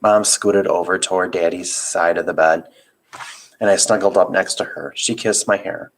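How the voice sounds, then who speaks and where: A man voicing a frightened young boy in a raised, soft, pleading voice while reading a storybook aloud. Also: deep voice, steady tone, normal speed.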